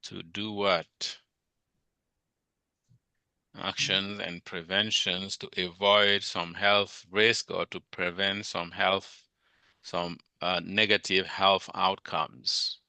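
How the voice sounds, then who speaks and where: A man's voice: sits low, little pitch movement, slow pace, creaky, bright, forceful tone, clean tone, no echo. A male teacher giving a classroom lecture, drilling students on vocabulary with repeated questions.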